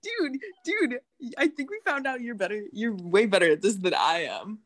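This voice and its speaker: A woman's voice: medium pitch, big pitch swings, a little fast. A young woman guest, chatty, laughing a lot and enthusiastic. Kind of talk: casual chat.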